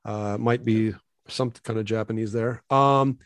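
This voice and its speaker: A man's voice: lowish voice, steady tone, unhurried. A man co-hosting a music show, talking casually and enthusiastically, rambling and laughing often. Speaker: radio show co-host.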